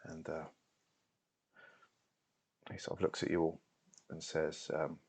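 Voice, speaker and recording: A man's voice: a bass voice, flat delivery, takes it slowly, long pauses, a little mellow, husky. A man narrating as game master of a tabletop role-playing game, hesitant and full of "sort of".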